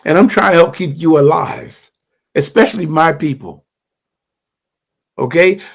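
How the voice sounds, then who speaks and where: Older male livestream preacher, fervent and emphatic, somewhat high-pitched, stumbles over repeated words. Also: animated, unhurried, vocal fry. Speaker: livestream host and teacher. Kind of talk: impassioned livestream teaching.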